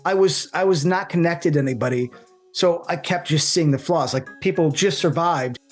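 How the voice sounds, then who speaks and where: A man's voice: fairly high pitch, normal speed, soft background music. A man co-hosting a show, complaining animatedly in casual debate and breaking into put-on voices. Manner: animated, complaining, acts out voices mid-sentence. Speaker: co-host debating a film.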